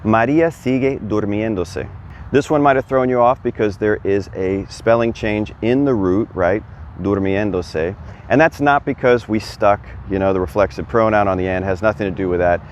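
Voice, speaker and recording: A man's voice: on the low side, normal speed, slight background noise. A man giving a casual, chatty video lesson as a Spanish teacher, quizzing the viewer and encouraging them. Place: outdoors. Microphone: camera on a stand.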